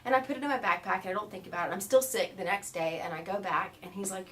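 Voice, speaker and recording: Animated American woman telling travel stories. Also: medium pitch, fast, few pauses, far from the mic. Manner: animated storyteller, laughs often, mimics voices in quotes. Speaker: interview guest. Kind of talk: casual storytelling in an interview.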